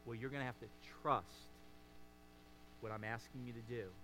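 Man playing a gentle reassuring teacher, soft and quiet, bright tone, sermon retelling. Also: mid-range voice, fairly even intonation, moderate pace, a little hiss or hum, pitched below the performer's own voice, lightly acted, low-quality recording.

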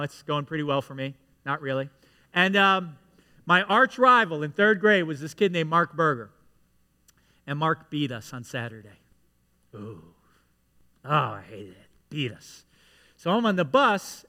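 A man preaching a sermon to his congregation, telling a story with lively asides that pull the listeners in. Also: sits high, clear, resonant tone, in a large hall. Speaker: pastor. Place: church sanctuary.

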